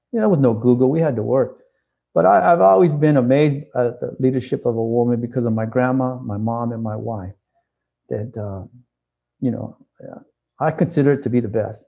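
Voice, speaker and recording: A man being interviewed, telling his story with animated energy and acting out the lines of others. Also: medium pitch, brisk, vocal fry, phone-quality sound. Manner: acts out dialogue, frequent restarts.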